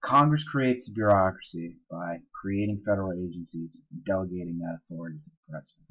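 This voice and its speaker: A man's voice: deep voice, a little fast, breathy edge, muffled recording. A man teaching social studies in a casual, explanatory recorded lecture, with fillers and asides.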